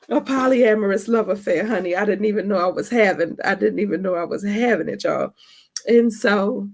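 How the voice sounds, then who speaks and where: A woman's voice: medium pitch, vocal fry, slightly rough. A woman from Baltimore with a Baltimore accent touched by Texas, hosting a podcast in a casual, chatty monologue, calling listeners honey and y'all. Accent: Baltimore with some Texas. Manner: laughs often mid-sentence. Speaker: podcast host.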